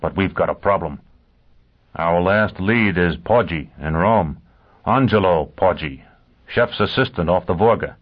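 A man voicing a vengeful, driven man who questions with calm ferocity. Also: deep voice, a little slow, dull audio. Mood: grim. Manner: cold, intense interrogation.

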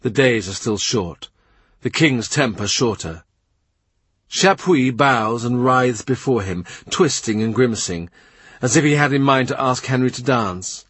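A man giving a measured, expressive audiobook narration. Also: mid-range voice, slightly rough, no room sound.

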